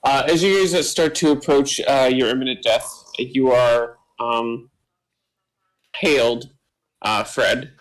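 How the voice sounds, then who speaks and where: A man narrating a tabletop game as game master, slow and full of fillers. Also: medium pitch, steady tone, low-quality recording. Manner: slow, filler-heavy, meandering.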